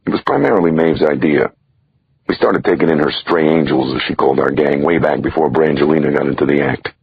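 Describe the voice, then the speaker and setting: Very deep gravelly male narrator. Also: fairly quick. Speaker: audiobook narrator. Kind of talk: scripted audiobook narration. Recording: dull dry lo-fi recording.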